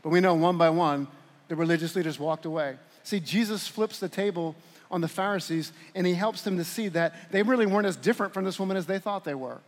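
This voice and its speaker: A man in his forties preaching a sermon to a church congregation in an animated, conversational way with playful asides. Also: high voice, fairly quick. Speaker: pastor. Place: large church hall. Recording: long hall reverb.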